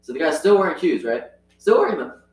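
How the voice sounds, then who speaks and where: A man's voice: fairly high pitch, very animated, quick pace. A man chatting casually about his retail job, retelling stories animatedly and acting out the voices of the people involved. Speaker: retail store worker. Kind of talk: casual storytelling chat. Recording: echoey room, voice from far off the mic.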